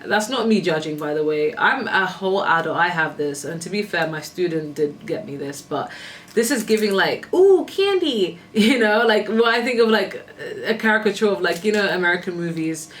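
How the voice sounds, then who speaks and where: A woman giving a casual tarot reading, chatty and animated, full of asides. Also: on the low side, a little fast, far from the mic, slight background noise. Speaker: tarot reader.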